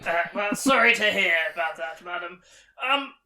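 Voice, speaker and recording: Very bright, tense voice, polite, hesitant player, echoey room. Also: medium pitch, expressive. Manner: polite, hesitant, quick to laugh.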